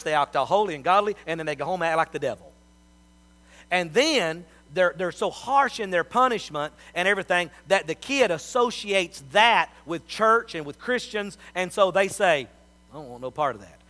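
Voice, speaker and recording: A middle-aged man preaching a sermon, telling folksy family stories and swinging from soft asides to loud appeals. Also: fairly high pitch, animated, a little fast. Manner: folksy storytelling with big swings in loudness.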